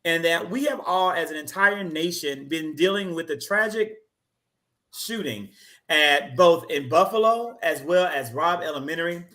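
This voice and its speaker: A man with a high, bright voice hosts a casual online talk show. He talks in an animated, joking way and teases his co-hosts. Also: moderate pace. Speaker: show host.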